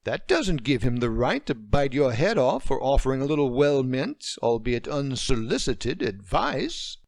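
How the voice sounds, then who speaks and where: A man voicing an excitable, overanimated adult woman friend who giggles as she talks, in a storybook reading. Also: rumbling low, a little slow, creaky, dry recording, clean studio sound, voice pushed up, full character voice. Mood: indignant.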